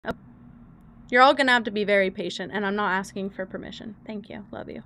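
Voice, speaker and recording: A woman's voice: medium pitch, a little fast, pushed and bright, slight background noise. A woman live-streaming who talks to her chat in a flustered, joking way and swears now and then. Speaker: livestreamer.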